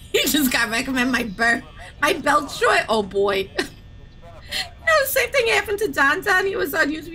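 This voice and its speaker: A woman's voice: sits high, sharp tone. A woman streamer from the American South chatting casually with her audience, giggling often and swearing freely. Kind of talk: casual live-stream chat.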